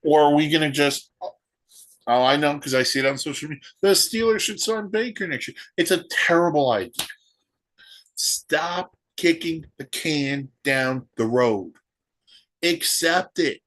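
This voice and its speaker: A man's voice: fairly high pitch, measured pace, fairly bright tone. A man hosting a solo sports podcast, ranting and firing off rhetorical questions. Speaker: podcast host.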